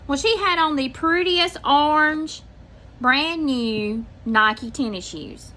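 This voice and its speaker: A woman's voice: high voice, takes it slowly, pushed and bright, slight background noise. An older woman with a Southern US accent, casually telling a long story to her viewers and acting out what people said. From Mississippi, US. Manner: chatty, drawling, acts out quotes. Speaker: channel host telling a story.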